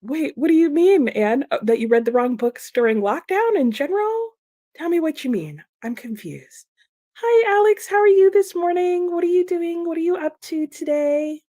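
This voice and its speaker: A woman with a very high, expressive, dark-toned voice at normal speed hosts a live reading stream. She's chatty and giggly, casually reading viewer comments aloud and answering them with frequent laughs, sounding a little sleepy and slow-brained this morning.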